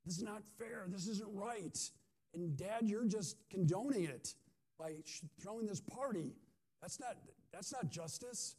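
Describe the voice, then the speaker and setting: A man's voice: high-pitched, expressive, measured pace, warm tone, slightly rough, voice pushed up, heavily acted. A man voicing a resentful grown older son who complains that things are unfair, in a whiny, indignant tone.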